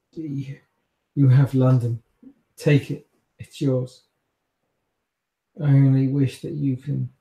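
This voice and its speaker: A man voicing a despairing woman who leads a defeated order, speaking in a solemn, slow farewell. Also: mid-range voice, gravelly, dark tone. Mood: grieving. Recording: echoey room.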